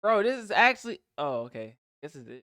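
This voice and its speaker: Slangy reaction host, lively voice. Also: male voice, high voice, a little fast, dry recording, studio quality. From United States. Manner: slangy, says bro a lot. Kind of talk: casual reaction commentary.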